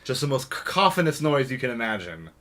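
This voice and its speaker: A man playing a tabletop game, speaking in a hesitant, halting way. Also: mid-range voice, very animated, fairly bright tone. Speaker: player. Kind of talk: casual tabletop play.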